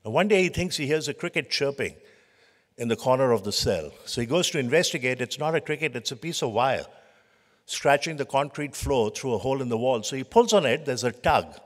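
A man's voice: mid-range voice, expressive, brisk. A man giving a leadership lecture to a conference audience, telling stories emphatically and stacking short phrases into lists. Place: conference hall. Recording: long reverb of a lecture hall.

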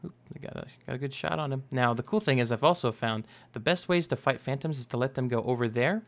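A man's voice: mid-range voice, a bit bright. Young guy rambling thru his game commentary, jokes around, corrects himself a lot. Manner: rambling, self-correcting, jokey. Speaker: gaming YouTuber. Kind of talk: casual Minecraft let's play commentary.

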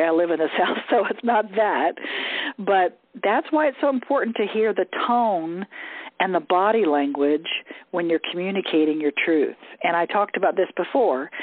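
Living in the southern US, this woman coaches a group on communication by phone, keeping a relaxed tone and asking "okay?" to check in. Her voice sits on the low side, with no echo and a tinny phone-line quality.

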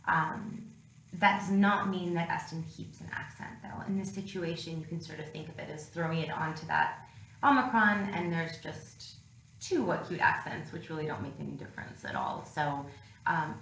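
A woman's voice: on the low side, a bit bright. A woman instructor explaining a grammar lesson in a recorded lecture, with frequent ums and uhs. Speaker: classics instructor. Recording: echoey room with faint noise.

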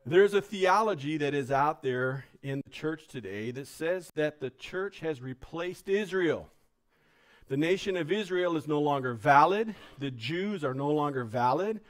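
A man delivers a sermon from the pulpit of a church. His voice sits a bit high, and his style is casual, plain-spoken and easygoing, with "man" dropped into his sentences. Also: lively intonation, unhurried. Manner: casual, joking, says "man" often. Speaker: pastor.

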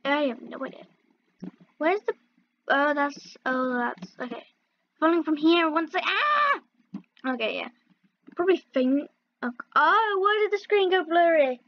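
A woman's voice: high voice, expressive, unhurried, pauses often, lo-fi sound. A woman casually commenting as she plays a video game, playfully yelping and groaning at each fall. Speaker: gaming video host. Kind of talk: casual let's-play commentary.

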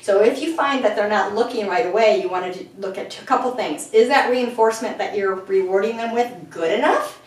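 A woman dog trainer explaining steps clearly in an instructional video, filmed indoors at home and breaking into high sing-song praise. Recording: very echoey room, far from the mic.

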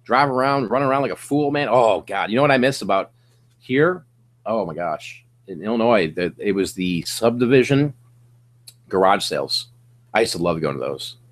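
A middle-aged man hosting a casual livestream from his home office, coaching resellers in an energetic, slangy pep-talk manner. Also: lowish voice, moderate pace.

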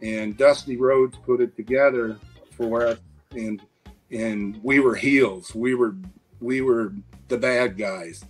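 A man's voice: medium pitch, steady tone, takes it slowly, husky, soft background music, poor audio. A man in his sixties, a guest and former wrestler, telling casual anecdotes with lots of fillers. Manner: rambling anecdotes with frequent fillers. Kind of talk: casual storytelling.

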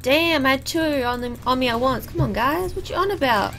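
A woman's voice: high voice, animated, fairly quick, a bit bright, a little hiss or hum. A young woman, chatting and exclaiming as she comments live on her own gameplay. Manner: chatty, exclaiming at the game, laughing. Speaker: gaming YouTuber.

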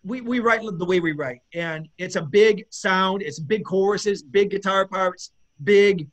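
A man, a bass player, chatting as an interview guest in a rambling, enthusiastic way with many fillers and restarts. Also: unhurried, fairly bright tone, dull audio. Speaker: guest musician, bassist. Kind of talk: casual interview chat.

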